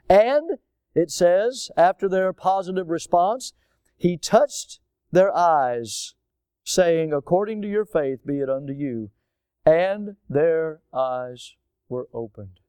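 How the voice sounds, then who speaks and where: A man's voice: on the high side, a little mellow, clean tone, no echo, studio quality. A man preaching a sermon with a rising and falling cadence and frequent rhetorical questions. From United States. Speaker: pastor.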